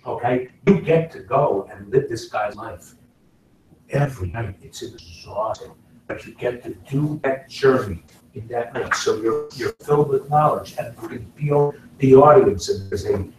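A middle-aged man, an actor giving a casual lecture to a class, talking in an animated way and swinging between loud and soft to make his points. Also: mid-range voice, a little slow, a little hiss or hum. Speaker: guest actor speaking to a class. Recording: very echoey room, from far off.

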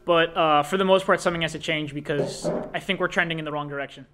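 Teenage boy in a casual interview, hesitant, quick speech, slightly high voice. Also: steady tone. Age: late teens. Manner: hesitant, many uh and um fillers. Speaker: high school broadcasting student. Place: school classroom.

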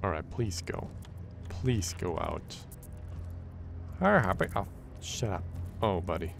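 A man giving horror game let's play commentary, excitable and jokey, swearing often. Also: low-pitched, a little slow, vocal fry, a little hiss or hum. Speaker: gaming channel host.

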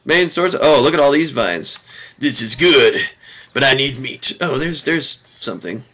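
A man in his thirties giving casual let's-play commentary, excitable and talking back to the game. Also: medium pitch, unhurried. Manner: excitable, talks to the game, frequent laughs and exclamations. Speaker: gaming video host.

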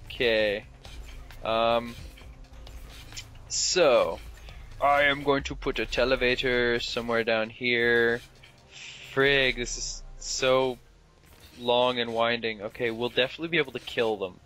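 A man's voice: mid-range voice, fairly even intonation, slow, long pauses, bright, forceful tone, faint music behind. A man with a Canadian accent hosting a casual let's play, teasing his co-player and laughing often. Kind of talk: casual gameplay commentary.

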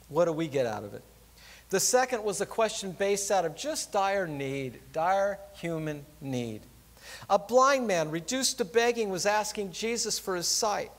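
A middle-aged pastor preaching a conversational, earnest sermon in a church. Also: male voice, sits high, lively intonation, measured pace, big-room sound. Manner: earnest, conversational, drops soft when pleading.

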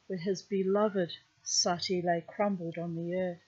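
Slow, husky woman reading a myth. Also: fairly low pitch. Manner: calm, unhurried reading with chatty asides. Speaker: storyteller. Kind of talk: reading a myth aloud with casual asides. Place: outdoors. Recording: dull lo-fi recording.

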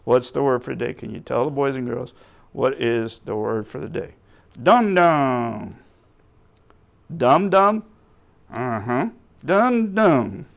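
A man's voice: medium pitch, fairly even intonation, fairly quick, gravelly, darkish tone. A man leading a children's church puppet skit, patiently coaxing the puppet and talking to the boys and girls.

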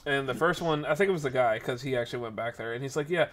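A man hosting a podcast, telling a rambling story in a casual, animated way, correcting himself as he goes and acting out the people in it. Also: fast. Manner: animated, acts out the people in his story with jumps in pitch and volume. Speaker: podcast host.

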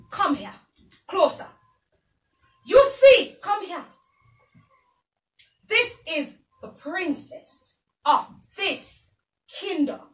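A woman plays a domineering Jamaican queen who swings between barking orders and wailing. Her voice is piercingly high and bright. The sound is roomy and picked up from across the room. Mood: tender commanding. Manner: theatrical, swinging between shouting and weeping. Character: volatile, domineering queen who is also a mother. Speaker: home-video actor. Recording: echoey room, far from the camera.

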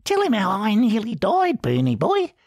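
A man's voice: high-pitched, wildly swooping pitch, moderate pace, darkish tone, no room sound, studio quality, voice pushed up, heavily acted. A man voicing an apologetic, simple-minded young brother with a half-Australian twang, in a sheepish, fawning sing-song. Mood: eager.

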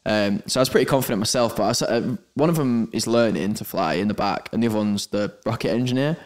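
A man's voice: on the low side, fast. A man co-hosting a podcast, telling a story in a rambling way with many restarts. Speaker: podcast co-host, pilot. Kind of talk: casual chat. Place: indoors at a venue.

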